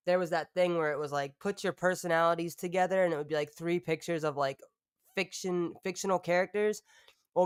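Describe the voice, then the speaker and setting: A woman's voice: on the low side, clean tone, no echo, clean studio sound. Profane, rambling woman streamer. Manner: rambling and profane, laughs often. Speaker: live-stream host. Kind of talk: casual live-stream chat.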